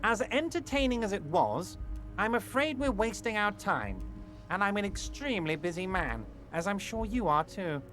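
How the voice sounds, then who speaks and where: An actor playing a smug, smooth-talking union boss in a video game, patronizing and falsely soothing. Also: male voice, sits high, big pitch swings, moderate pace, a bit bright. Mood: falsely reassuring. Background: faint game music.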